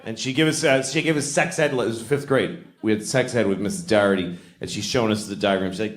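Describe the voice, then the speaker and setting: A man's voice: on the low side, quick pace, hardly any pauses. A man in his forties from Boston doing stand-up comedy in a rambling, conversational, self-mocking way on stage. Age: 40s. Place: stage of a large comedy venue. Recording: echoey live venue.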